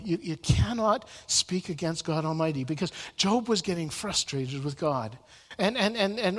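A man teaching from the Bible in sermon style. He often repeats words and restarts his sentences. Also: high-pitched. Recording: long reverb in a large room.

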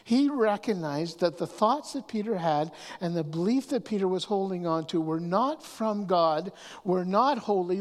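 A man preaching a sermon, often restarting his words and swinging from hushed asides to raised emphasis. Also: high-pitched. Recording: long hall reverb.

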